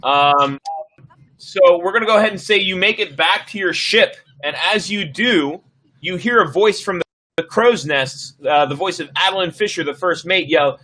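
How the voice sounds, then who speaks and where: A man narrating a tabletop game as game master over a stream, easygoing and relaxed, with many filler words. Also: high voice, normal speed, poor audio.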